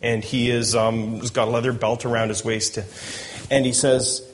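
A man's voice: medium pitch, flat delivery, normal speed. Joking man preaching a sermon. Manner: jokey asides, chuckles while preaching. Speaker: pastor. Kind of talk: sermon with Bible reading.

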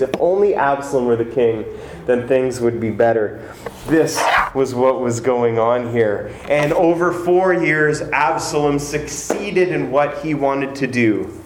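A male pastor retells a story from the pulpit, slipping into the voices of its people and adding wry asides about himself. His voice rings out in a roomy, echoing space over a faint hum of ambience. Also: mid-range voice. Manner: storytelling, acting out quotes, self-deprecating asides. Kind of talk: sermon. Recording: echoey room with faint ambience.

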